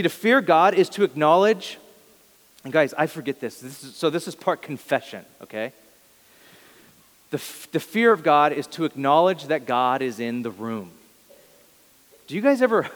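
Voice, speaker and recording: A man's voice: fairly high pitch, lively intonation, normal speed, long pauses, a bit bright, big-room sound. A male pastor giving a sermon, talking in an earnest, conversational way and often correcting himself mid-sentence.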